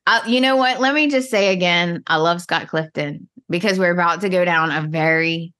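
A woman co-hosting a podcast, recapping a soap opera in casual chat, sassy and animated, often laughing. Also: fairly low pitch, moderate pace. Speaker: podcast co-host.

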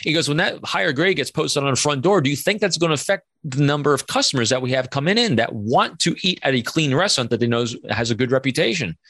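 A man in his fifties, a podcast guest, telling animated stories and acting out quoted dialogue. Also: mid-range voice, fast talker, few pauses, dry recording, clean studio sound. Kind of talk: conversational storytelling interview.

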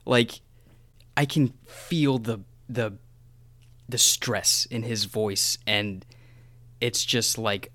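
A man chatting casually about a film, emphatic and excitable, swearing now and then. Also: medium pitch, drawn-out words, pauses often, dry recording. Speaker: podcast co-host discussing a film. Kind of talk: casual chat.

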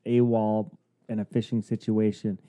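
Very dark-voiced man, laid-back. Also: on the low side, level tone, a little slow. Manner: laid-back, short agreeing replies. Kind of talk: casual chat.

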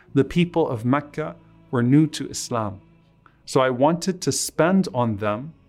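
A man giving a sermon, retelling a story with quoted speech, reciting lines of Arabic quickly and then translating them slowly and with emphasis. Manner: retells a story with quoted speech, rising in pitch at emotional peaks. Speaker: preacher.

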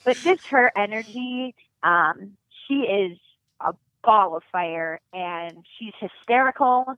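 A young woman from North Dakota, a singer, tells her story with animated, giggly energy as a podcast guest. The sound is thin and phone-like, and the room is very dry. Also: mid-range voice, slow pace, no room sound. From North Dakota, USA. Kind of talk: casual interview storytelling. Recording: dry phone-line audio.

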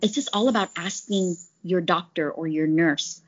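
A woman's voice: fairly low pitch, normal speed. Chatty woman telling work stories. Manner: chatty, animated retelling with quoted voices. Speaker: pharmaceutical sales rep. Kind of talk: conversational interview storytelling. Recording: slightly dull lo-fi audio.

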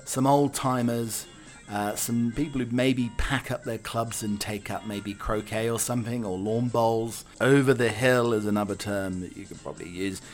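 The podcast host goes solo here, joking around and rambling, his speech full of fillers and restarts. His mid-range voice stays fairly even and moves at normal speed, with faint music behind him.

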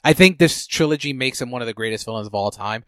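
A man hosting a podcast in casual chat, relaxed and rambling, with lots of fillers. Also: medium pitch, quick pace, no echo, studio quality. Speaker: podcast host.

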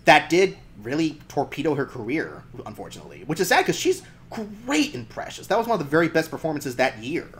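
A man's voice: on the high side, big pitch swings, brisk, fairly bright tone. A man hosting a casual film podcast, chatty and laughing often as he talks. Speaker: podcast host.

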